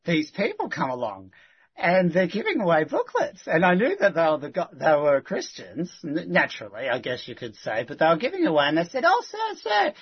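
A man tells his viewers a rambling, animated story full of restarts. His voice sits fairly high and leaps about as he acts out the people in it. It sounds husky, and the recording is dull and muffled. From Australia.

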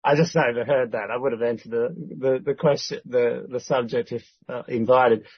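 A man's voice: medium pitch, steady tone, normal speed, breathy edge, no room sound, muffled recording. A man talking casually through a rambling update that is full of restarts and quoted conversations. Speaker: church member giving a prayer update.

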